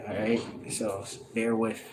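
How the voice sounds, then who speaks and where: A man in a casual scripture study, loose and conversational, reading verses slowly and sounding out words to define them, recorded on a handheld phone. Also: on the low side, flat delivery, background noise. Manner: loose and conversational, heavy on "you know" and "all right". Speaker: Bible teacher. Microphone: handheld phone camera, no tripod.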